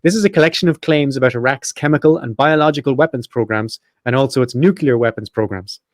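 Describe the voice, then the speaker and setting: Fast-talking man hosting a podcast. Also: medium pitch, no room sound, clean studio sound. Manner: casual and profane, quick asides. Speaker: podcast host. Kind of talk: casual podcast chat, reading notes.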